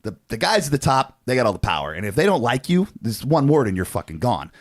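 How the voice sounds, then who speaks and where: A man in his forties, co-hosting a podcast, telling a story in a casual, animated way with lots of swearing and fillers. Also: medium pitch, quick pace, dry recording, clean studio sound. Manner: animated, profane, frequent fillers. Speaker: podcast co-host.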